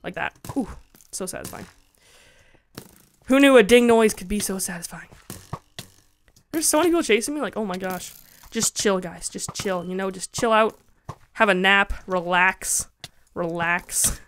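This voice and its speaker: A woman's voice: mid-range voice, normal speed, a little hiss or hum. A woman giving casual, giggly commentary while playing a game and talking to her chat, squealing when she is attacked. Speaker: Minecraft let's-play gamer.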